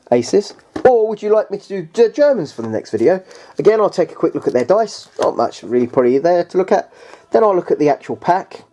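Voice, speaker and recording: A man's voice: on the high side, dark tone. A man chatting casually through a tabletop game unboxing. He rambles and hesitates, restarts often, and keeps addressing the viewers as guys.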